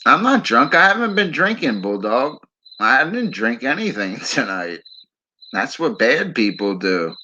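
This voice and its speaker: Crickets chirp behind this late-night livestream, where the slightly muffled lo-fi audio carries a man's medium-pitched, sing-song voice. Pushed and bright, he speaks at a measured pace while rambling, ribbing viewers, and chuckling a lot.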